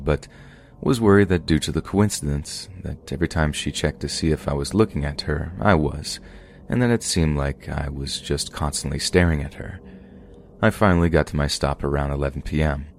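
A man hosting a podcast, reading submitted true scary stories aloud in a steady, measured way. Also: a bass voice, gravelly, a little hiss or hum. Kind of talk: scripted horror story narration.

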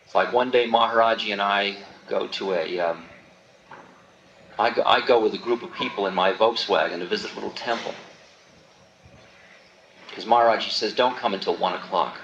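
A man in his forties tells a spiritual story with lively, acted-out voices. The old tape sounds roomy and dull, with a faint hiss behind him. His voice sits at a middle pitch. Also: normal speed, pauses often. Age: 40s. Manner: animated storytelling, acting out quoted voices. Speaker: spiritual teacher. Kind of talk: storytelling talk.

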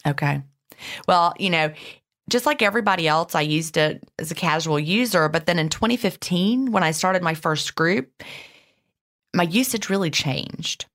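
A woman with a low voice chats on her podcast, open and emotional. She laughs often and restarts her sentences as she talks. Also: lively intonation, normal speed, a bit bright. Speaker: podcast co-host. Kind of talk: casual podcast chat.

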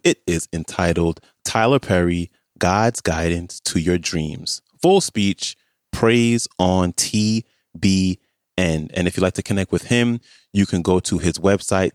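A man hosting a podcast, wrapping up the episode with thanks and links in a relaxed way. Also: low voice, measured pace, clear, resonant tone, dry recording. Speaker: podcast host. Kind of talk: podcast outro. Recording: dry mic with faint music bed.

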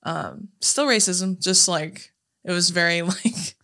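A woman's voice: lowish voice, slow, sharp tone. A young woman co-hosting a podcast, telling stories in a blunt, casual way with a lot of swearing. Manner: blunt storytelling with frequent swearing. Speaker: podcast co-host. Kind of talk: casual chat.

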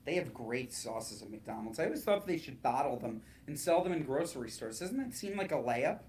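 A man's voice: medium pitch, big pitch swings, a little fast, darkish tone. A man co-hosting a casual podcast, chatty and full of playful follow-up questions. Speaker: podcast co-host. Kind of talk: casual chat.

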